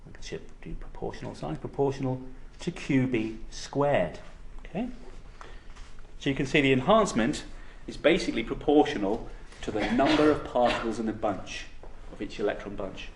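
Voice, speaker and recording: A man with a medium-pitched voice lectures university students on physics, working through the material step by step and frequently checking in with "okay?".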